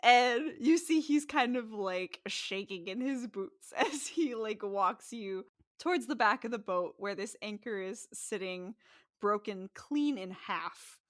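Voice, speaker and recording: A woman's voice: medium pitch, lively intonation, takes it slowly. A woman narrating a tabletop game as game master, in a casual, chatty way full of fillers. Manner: casual, laughs easily, uses many fillers.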